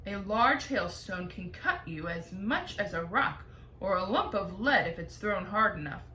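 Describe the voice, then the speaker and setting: A woman teacher reading a chapter book aloud with lively storytelling. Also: medium pitch, unhurried. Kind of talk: expressive read-aloud. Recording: echoey room, faint noise.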